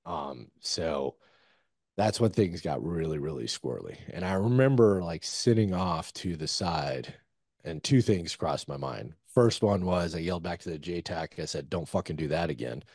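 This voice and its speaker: Veteran man, very deep and husky, rambling profane storyteller, dry recording. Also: expressive, unhurried, darkish tone, no room sound. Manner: loose, profane war storytelling with many fillers. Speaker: guest, former Army Ranger. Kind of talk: casual storytelling interview.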